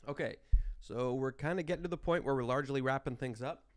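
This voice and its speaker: A man's voice: mid-range voice, quick pace, no room sound, clean studio sound. A man teaching a math class in an informal, explaining way, holding back a cough while chewing gum. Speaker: math instructor. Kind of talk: class lecture.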